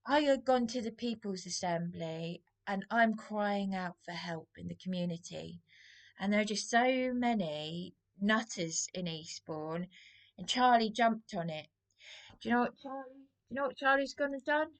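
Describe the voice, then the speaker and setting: A woman's voice: mid-range voice, normal speed. An Englishwoman, out of breath and venting in an agitated, aggrieved, rambling monologue to the camera. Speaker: vlogger.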